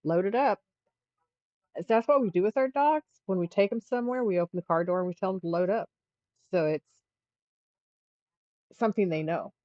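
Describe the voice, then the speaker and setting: A woman's voice: medium pitch, normal speed, pauses often, no room sound. Rambling middle-aged woman, dry muffled audio. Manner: rambling storytelling with frequent restarts. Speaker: livestream host. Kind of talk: casual chat.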